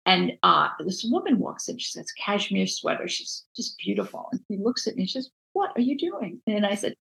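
Gravelly New Jersey woman telling stories. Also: mid-range voice, fairly quick, low-quality recording. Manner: animated, acts out quoted voices, many restarts. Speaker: book designer, guest. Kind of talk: casual interview storytelling.

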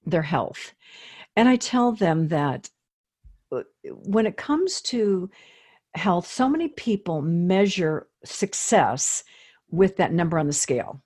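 An older woman, a fitness expert, speaking as a guest in an interview in a lively, earnest, motivational way. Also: medium pitch, slow. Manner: lively, acts out quoted inner voices. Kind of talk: conversational interview.

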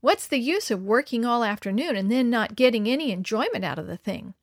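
A woman's voice: fairly high pitch, expressive, fairly quick, dry recording, studio quality. A woman voicing a cocky boy who taunts his friend with sarcastic jeers. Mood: scheming. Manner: sarcastic, mocking.

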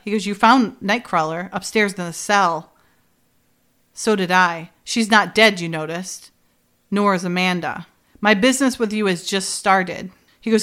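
A woman talks a little slowly in a mid-range voice that sounds pushed and bright. She's a podcast co-host in a casual conversation, animatedly retelling a TV episode and laughing as she quotes the characters.

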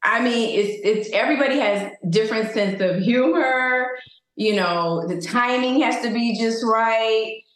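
A woman, an actress on a podcast as a guest, answering questions thoughtfully with hesitant pauses and many fillers. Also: on the high side. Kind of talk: interview conversation. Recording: echoey room.

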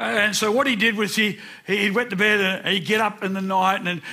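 A man's voice: high-pitched, vocal fry, sharp tone, breathy edge. A man in his sixties preaching a sermon, telling personal stories earnestly and repeating words for emphasis. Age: 60s.

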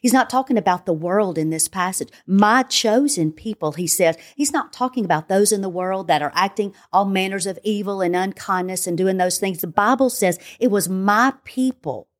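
Grandmotherly woman Bible teacher, earnest and emphatic, middle pitch. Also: moderate pace, few pauses. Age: older, a grandmother. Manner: earnest, emphatic, repeats phrases in lists. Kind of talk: devotional podcast interview.

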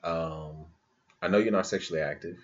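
Male podcast host with a deep voice, speaking fervently and conversationally over a dull recording. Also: fairly even intonation, normal speed. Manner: impassioned, talks in bursts, says "you know what I mean" often. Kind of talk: casual podcast chat.

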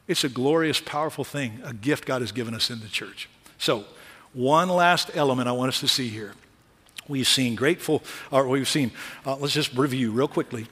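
A male pastor preaching a sermon, moving from quiet asides to loud, emphatic peaks. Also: a little high, in a large hall.

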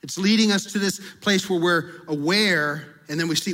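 A man's voice: high voice, normal speed, pushed and bright, big-room sound. A male pastor preaching in a conversational way, acting out prayers and confessions as he talks. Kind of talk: sermon.

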